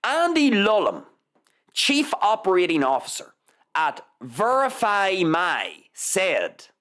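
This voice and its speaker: A woman's voice: mid-range voice, huge pitch swings, slow pace, fairly bright tone. A woman hosting a live news commentary show, reading articles aloud with sarcastic, mocking asides and free swearing. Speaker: show host.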